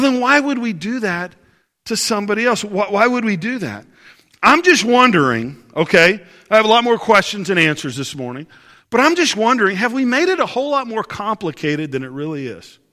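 Male pastor, bright high voice, conversational sermon with rhetorical questions, reverberant church hall. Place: church service.

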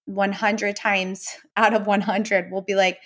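A woman with a mid-range voice hosts a podcast interview. She talks in a relaxed, conversational way and laughs easily. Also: medium pitch, unhurried. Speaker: podcast host, mother.

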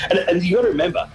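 A man's voice: high voice, rough recording. A middle-aged Australian man, an event organizer, telling stories in an interview, laughing often and acting out what people said. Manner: animated storyteller, laughs often, acts out quotes. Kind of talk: storytelling interview.

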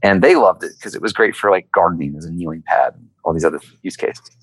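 Talking fast in a low, slightly rough voice, an entrepreneur shares his story during an interview. He's an animated, conversational storyteller who acts out quoted voices. No room sound is present, and the audio is poor.

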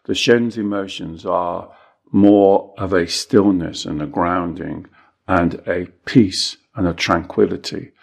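A middle-aged man with a low, gravelly voice talks through spiritual teaching. He is unhurried and reflective, leaning into slower phrases for emphasis. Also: fairly even intonation. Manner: measured, reflective, slows down for emphasis. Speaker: Taoist teacher and coach. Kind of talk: calm spiritual teaching chat.

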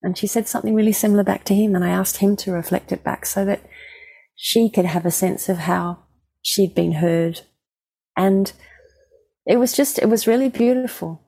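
A woman who works as a mediator, gently and reflectively telling a personal story in an interview. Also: mid-range voice, normal speed, creaky, breathy edge.

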